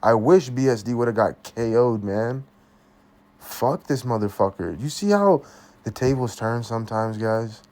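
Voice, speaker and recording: A man's voice: mid-range voice, animated, unhurried, a little mellow. A young man giving a casual, blunt fight review, swearing constantly and talking in loose slang. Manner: blunt, heavily profane, slangy. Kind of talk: casual commentary.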